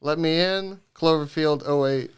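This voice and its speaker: A man's voice: on the high side, measured pace, clear, resonant tone. A man co-hosting a casual movie podcast, joking and offhand. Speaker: podcast co-host. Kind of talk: casual chat.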